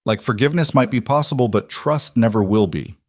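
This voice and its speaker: A man voicing a gentle, wry father, speaking in a soft, measured way. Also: mid-range voice, no room sound, studio quality, close to an everyday voice. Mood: tender.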